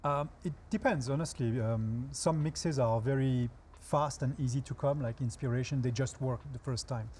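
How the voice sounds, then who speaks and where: A man with a French accent speaks as a guest chef on a television talk show. His voice sits at an ordinary middle pitch, and he explains step by step with relaxed, dry humor. A faint hiss of noise runs underneath. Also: moderate pace, few pauses. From France.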